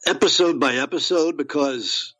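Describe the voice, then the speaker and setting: A man's voice: fairly high pitch, normal speed, pushed and bright, dry recording, low-quality recording. A man, an actor, chatting as a podcast guest, rambling with many fillers and restarts. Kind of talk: casual interview chat.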